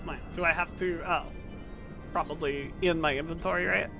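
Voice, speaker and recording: A young woman streaming a game, chatting casually with animated, profane remarks and frequent laughter. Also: deep voice, moderate pace, creaky, over music. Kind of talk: casual live-stream chat while gaming.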